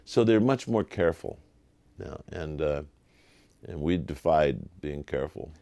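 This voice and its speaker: An older man, a television producer, telling lively anecdotes in an interview and acting out the voices of people he quotes. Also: extremely low pitch, a little slow, dry recording. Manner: animated, acts out quoted voices.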